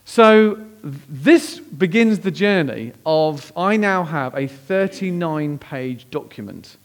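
Male pastor in the pulpit; slightly higher voice, quiet and slow in the tender parts, bursts high and loud in the excited parts. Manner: animated, acts out quoted voices with big pitch jumps; drops to hushed, slow tones at emotional moments. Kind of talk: sermon storytelling.

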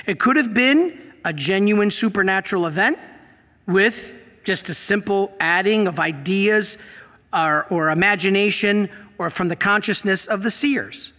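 A man's voice: sits high, a little slow, pushed and bright, in a large hall. A middle-aged man preaching a sermon to a congregation, emphatic and asking them questions. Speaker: priest. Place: church.

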